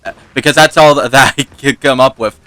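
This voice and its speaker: A man's voice: mid-range voice, fairly even intonation, brisk, bright, forceful tone, dry recording. A man hosting a gaming video, telling a rambling, self-mocking personal story and laughing often. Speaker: gaming channel host. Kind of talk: casual storytelling over gameplay.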